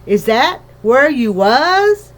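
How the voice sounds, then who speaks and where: A fretful tiny mother frets and pleads in homely, ungrammatical speech, as a woman reads her out. The voice sits high and the words come slowly. A storybook figure full of worry. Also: sing-song, exaggerated voice. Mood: worried. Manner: anxious, wailing, ungrammatical country speech. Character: small worried mother, tiny borrower woman. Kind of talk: storybook reading.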